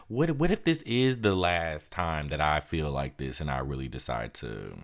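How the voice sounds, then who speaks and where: A man's voice: extremely low pitch, lively intonation, moderate pace, few pauses. A young man hosting a podcast, speaking candidly and bluntly, exhausted and depressed, worn down and swearing often. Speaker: podcast host. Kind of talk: candid monologue.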